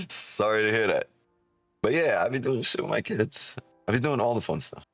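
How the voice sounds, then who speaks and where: A man's voice: mid-range voice, very animated, normal speed, a bit bright, breathy edge, no room sound, faint music behind. A man, a trading streamer, chatting casually on a live stream, swearing a lot, joking and laughing often.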